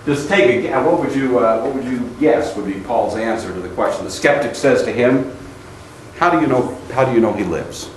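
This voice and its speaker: A man's voice: medium pitch, normal speed. A man lecturing a class, calling on students by name and now and then mocking the ideas he quotes. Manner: animated, calls on students by name; mocking singsong when quoting shallow hymns. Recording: echoey classroom with faint ambient noise.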